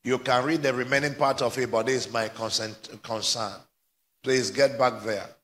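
A man's voice: mid-range voice, steady tone, moderate pace. A male pastor, preaching a live church sermon and drawing call-and-response from the congregation. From Nigeria. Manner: exhorting, climbs to fervent shouting, prompts replies. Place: church service before a congregation.

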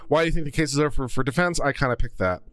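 A man hosting a law commentary live stream, chatting with viewers and answering their questions. He is a self-described geek who rambles cheerfully and grows louder as he gets excited. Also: mid-range voice, rapid-fire. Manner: gets loud and projects when excited.

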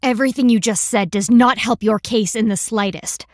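A woman's voice: a little high, moderate pace, a little mellow, no room sound, clean studio sound, close to an everyday voice. A woman voicing a stern young warrior who talks in a formal, clipped and severe way, in a video game.

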